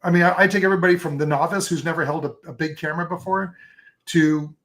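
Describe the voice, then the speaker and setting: A man in a relaxed interview, rambling happily through his stories with plenty of ums and restarts. His voice sits on the higher side for a man. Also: fast. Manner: enthusiastic, rambling storyteller with many fillers. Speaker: photographer guest. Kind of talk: casual interview chat.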